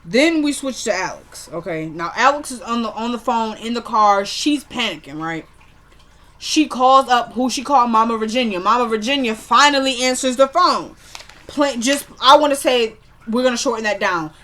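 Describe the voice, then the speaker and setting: A woman's voice: fairly high pitch, lively intonation, moderate pace, fairly bright tone. A woman chatting casually as she recaps a TV episode, retelling scenes line by line with lots of "like" and "he goes.".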